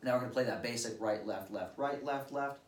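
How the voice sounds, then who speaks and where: A man's voice: medium pitch, a little fast, over loud music. A man patiently explaining drum stickings step by step, with casual fillers, as a drum teacher. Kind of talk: instructional drum lesson. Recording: roomy, distant-mic recording with drums. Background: drum kit played at times.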